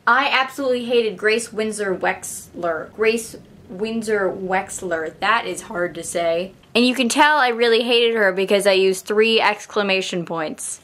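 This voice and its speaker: A woman's voice: medium pitch, a bit bright. A young woman in her late teens, vlogging casually and reading an old school essay aloud with dry, wry asides. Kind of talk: casual vlog.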